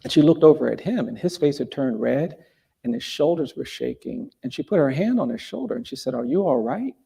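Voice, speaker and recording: A man speaking as a guest at a live event, telling a story in a measured, deliberate way with pauses. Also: a little high, expressive, vocal fry, mellow, slightly rough. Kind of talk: earnest storytelling in a live conversation. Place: event hall before a live audience.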